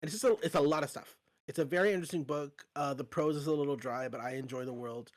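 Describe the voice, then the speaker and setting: Brief: male podcast host, relaxed and chatty, voice a bit higher than most men. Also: fast. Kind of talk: casual chat.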